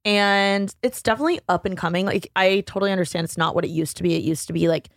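Twenties woman from indiana, guest on a podcast, gets lively quoting people, dry close mic. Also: quick pace, gravelly, no room sound. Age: 20s. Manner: animated, jumps high when quoting people. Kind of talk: casual chat.

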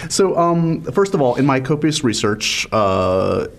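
A man's voice: medium pitch, big pitch swings, measured pace, a little hiss or hum. A man hosting a podcast, talking in a casual, chatty way with many fillers and restarts. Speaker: podcast host. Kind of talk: casual chat.

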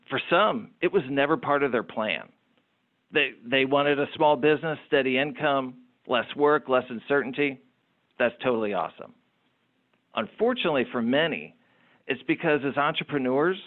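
A middle-aged man talks as an interview guest, spinning stories with animated energy and the odd repeated word. His voice sits at an ordinary pitch. The sound is narrow and tinny, like a phone call. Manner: animated, repeats words while telling anecdotes. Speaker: guest, small business owner. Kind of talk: interview storytelling.

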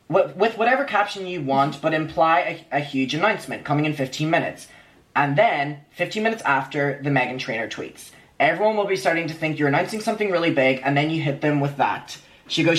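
A man with a slightly higher voice tells his own story earnestly. He reads old messages aloud, one after another. He sounds sincere and personal. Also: lively intonation, fairly quick, fairly bright tone. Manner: earnest retelling, reading out messages. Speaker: former fan recounting events. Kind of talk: recorded personal account played in clip.

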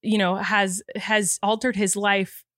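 A woman in her thirties hosts a podcast in an indoor studio, her medium-pitched, fairly bright voice slow and showing little pitch movement. Teary and emotional, she rambles earnestly through casual chat, restarting often. The recording is clean studio sound with no room sound.

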